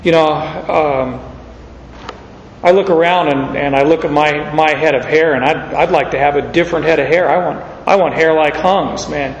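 A man with a fairly high voice preaches a relaxed, folksy sermon full of homey asides, stopping and restarting his sentences as he goes. His voice rings through a large, echoey hall with a long tail of reverb. The sound is a little dull. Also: moderate pace, a little hiss or hum. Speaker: pastor. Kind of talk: conversational sermon.

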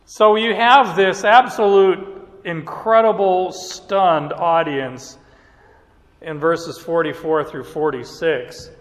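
A man teaching from the Bible in a relaxed, conversational way, often chuckling between points. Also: fairly high pitch, takes it slowly. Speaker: preacher. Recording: echoey hall reverb.

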